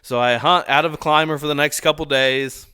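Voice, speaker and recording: A young man recounts a story as a guest on a casual podcast, animated and quick to laugh, with the odd swear word. His voice is bright and forceful, smooth and clean. The close mic keeps it dry, with no room sound. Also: fairly high pitch, no room sound.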